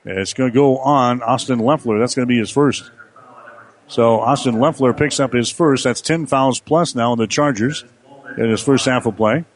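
Man calling basketball play-by-play. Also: medium pitch. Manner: rapid running commentary, rising on big plays. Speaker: play-by-play announcer.

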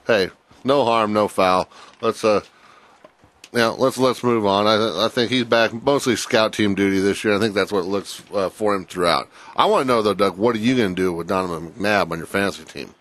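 A male sports radio co-host chats in a relaxed, rambling way. His voice sits on the low side. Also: fairly quick. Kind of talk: casual sports radio chat.

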